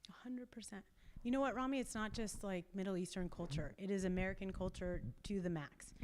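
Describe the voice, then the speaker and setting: A woman couples therapist talking to a group in a church meeting, animated and emphatic, laughing now and then as she acts out quotes. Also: mid-range voice, fairly quick. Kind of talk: casual talk to a group.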